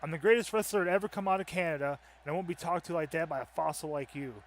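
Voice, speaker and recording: A man doing a cocky young wrestler who boasts and taunts in a loud, pushy voice. The voice sits a little high for a man. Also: rapid-fire, a little hiss or hum, close to an everyday voice. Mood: mocking. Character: cocky young male wrestler, arrogant upstart.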